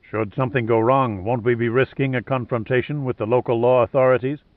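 A man reading a loyal male subordinate who gives measured, deferential reports. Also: mid-range voice, steady tone, no room sound, lightly acted. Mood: dutiful. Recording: narrow phone-like sound.

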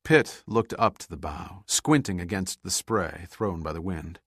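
A man narrating an adventure audiobook in a measured, dramatic way. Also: low voice, fairly bright tone, husky, no echo, clean studio sound. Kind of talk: scripted narration.

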